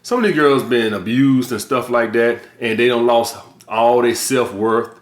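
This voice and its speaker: A man's voice: medium pitch, unhurried, reverberant. A middle-aged man hosting a vlog, lecturing his viewers bluntly with heavy swearing and emphatic delivery. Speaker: vlog host. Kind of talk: blunt casual monologue.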